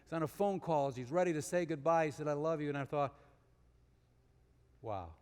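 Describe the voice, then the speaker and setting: A man giving a sermon as guest speaker, moving between emphatic rises and hushed storytelling. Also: a little high, steady tone, fast talker, smooth. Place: church sanctuary. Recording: long reverb of a large hall.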